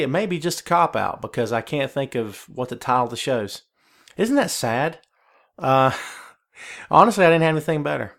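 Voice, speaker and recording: A man's voice: mid-range voice, fairly bright tone. A man with a Southern US accent from the Carolinas, hosting a solo podcast in a chatty, rambling way with many fillers and restarts. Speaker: podcast host. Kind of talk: casual solo podcast talk.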